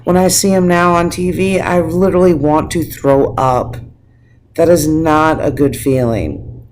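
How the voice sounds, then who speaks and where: A man's voice: on the high side, steady tone, measured pace, darkish tone, a little hiss or hum. A man on a casual video blog, ranting emotionally, teary-eyed and swearing freely, with frequent restarts. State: teary, on the verge of crying. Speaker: vlogger. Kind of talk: casual opinion rant to camera.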